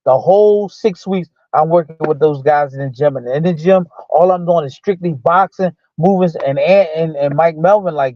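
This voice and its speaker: A man's voice: a little high, moderate pace, hardly any pauses, dry recording. A man, a former boxer as a guest, casually telling a story and acting out the lines of the people in it, with loose speech full of restarts. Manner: animated retelling that acts out quoted dialogue. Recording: dull lo-fi dry sound.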